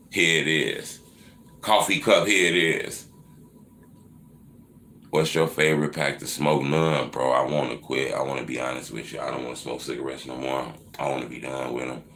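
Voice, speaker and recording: Man in his 30s, low voice, bright edge, livestream host, cusses and roasts chat, roomy echo. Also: fairly even intonation, moderate pace, creaky. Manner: profane, teasing banter that swings into loud mocking rants. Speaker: livestream host answering viewer questions. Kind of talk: casual live Q&A chat.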